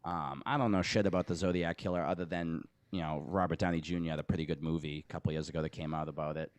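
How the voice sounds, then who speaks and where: A man's voice: extremely low pitch, fairly even intonation, fast talker, clean tone, no room sound. A man hosting a podcast, talking in rambling, profane casual banter and laughing often. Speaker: podcast host. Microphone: podcast studio mic.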